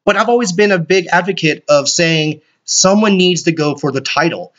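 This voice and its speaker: A man hosting a solo podcast, rambling excitably and swearing often. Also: a little high, normal speed. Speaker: podcast host. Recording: dull lo-fi recording.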